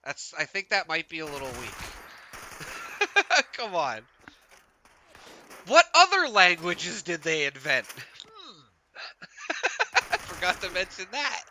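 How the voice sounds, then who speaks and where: Male game streamer from Canada, rambling casual chatter, voice on the high side, very bright tone. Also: huge pitch swings, slow pace, pauses often, a little hiss or hum. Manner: rambling, laughs often, heavy use of "like". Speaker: gaming streamer. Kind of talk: casual chat while live-streaming a game.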